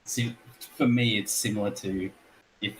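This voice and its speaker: Low-voiced Australian man, laughing a lot. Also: fairly even intonation, a little slow, slight background noise, low-quality recording. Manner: laughing often, storytelling. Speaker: guest. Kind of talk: casual chat on a live stream.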